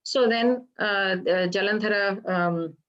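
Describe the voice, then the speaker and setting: A woman retelling a Hindu legend for a temple program, halting and explanatory, often pausing to ask her listeners questions. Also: medium pitch. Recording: slightly dull lo-fi recording.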